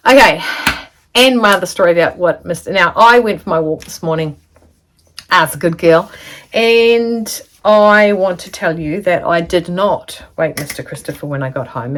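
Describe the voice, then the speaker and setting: A woman's voice: on the low side, a little hiss or hum. A middle-aged woman chatting casually through a sewing tutorial, rambling into stories and asides. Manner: chatty, rambling, full of asides and little laughs. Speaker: sewing vlogger.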